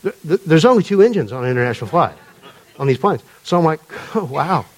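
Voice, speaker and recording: A man's voice: on the high side, big pitch swings, fast talker. A man preaching a sermon to a live congregation in a conversational, humorous storytelling manner. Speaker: pastor. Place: church before a live congregation.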